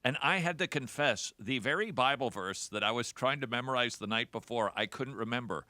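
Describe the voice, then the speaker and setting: A man's voice: medium pitch, lively intonation, fairly quick, sharp tone, dry recording. A man hosting a radio talk show, delivering a sarcastic, jokey monologue. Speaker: host.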